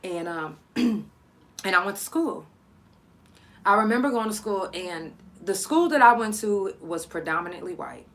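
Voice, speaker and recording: A woman from Oklahoma hosting a live storytime podcast, telling her story in a loose, profane, halting way with many fillers. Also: medium pitch, animated. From Oklahoma, USA. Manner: sharp, irritated scolding at callers. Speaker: podcast host.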